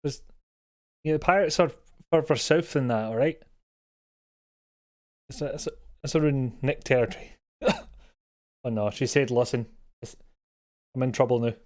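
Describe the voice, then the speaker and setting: Scottish male streamer, middle-pitched, casual and self-deprecating, rambling desk-mic chat. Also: moderate pace, pauses often, darkish tone. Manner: rambling, self-mocking, chuckles often.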